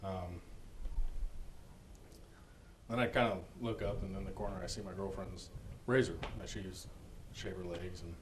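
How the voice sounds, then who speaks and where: Deep-voiced man giving a halting testimony. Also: steady tone, a little hiss or hum, low-quality recording. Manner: halting and earnest, with frequent fillers and restarts. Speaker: church member giving testimony. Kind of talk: personal testimony.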